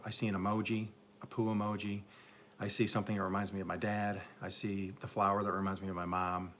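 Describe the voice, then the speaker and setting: Upstate New York man, lowish voice, rambling self-mocking live-stream host, faint outdoor hum behind. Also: creaky, fairly bright tone. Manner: rambling, self-mocking, joking with chat viewers. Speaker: garden channel host. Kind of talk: live-stream casual chat. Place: home garden, Oklahoma.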